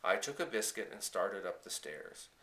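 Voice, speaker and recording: A man narrating a storybook in the first person, gentle and measured, with phrases that trail off softly. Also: low voice, huge pitch swings, gravelly. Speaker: audiobook reader.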